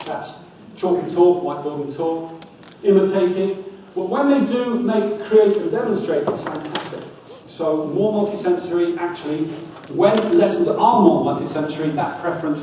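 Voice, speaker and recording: Energetic man speaking in an echoey hall. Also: high voice, distant mic. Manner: energetic, coaxing the audience, wry asides. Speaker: dyslexia trainer giving a talk. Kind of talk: lively public talk with audience activities. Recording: echoey hall, speaker off-mic, faint room hum.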